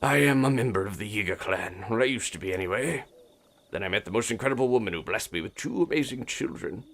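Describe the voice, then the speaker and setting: A man's voice: lowish voice, expressive, quick pace, fairly bright tone, pitched above the performer's own voice. A man voicing a remorseful middle-aged male villager confessing his past, reading a game's dialogue aloud in an earnest tone.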